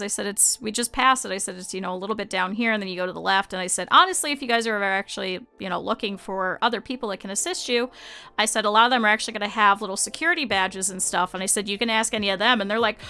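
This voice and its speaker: A young woman with a high, bright voice tells a story to her stream in a loose, chatty way. She is animated and laughs often as she talks, and faint music plays under her voice. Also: a little fast, smooth. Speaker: VTuber streamer. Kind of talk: casual storytelling to stream chat.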